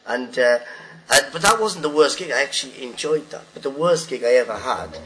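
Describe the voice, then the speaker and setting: A middle-aged man, a stand-up comedian, telling a rambling anecdote with animated acted-out voices. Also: medium pitch, a little fast, noisy background. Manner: animated, acts out voices of hecklers and friends. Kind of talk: storytelling comic monologue.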